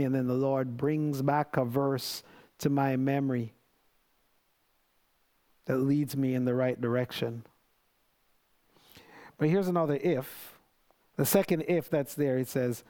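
Earnest, conversational male preacher, fairly high voice. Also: moderate pace, pauses often. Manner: conversational, earnest, with many restarts and animated quoted prayers. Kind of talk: sermon.

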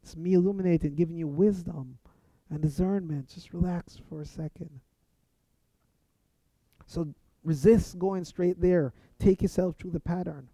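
A man's voice: high-pitched, fairly even intonation, a little slow, warm tone, no echo. A man teaching a sermon-style lesson on prayer, earnest, acting out sample prayers as he goes. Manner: earnest, speaks example prayers aloud. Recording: dull, lo-fi sound.

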